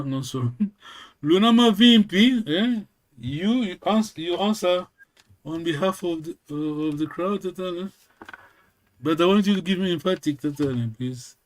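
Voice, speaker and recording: Patient man teaching a language. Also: fairly high pitch. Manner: patient, corrects and repeats, many fillers. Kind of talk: online language lesson.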